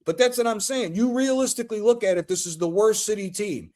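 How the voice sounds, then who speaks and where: A man's voice: high-pitched, brisk, a little mellow. A man hosting a casual football chat stream, ranting with heavy swearing and mocking impressions. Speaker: host.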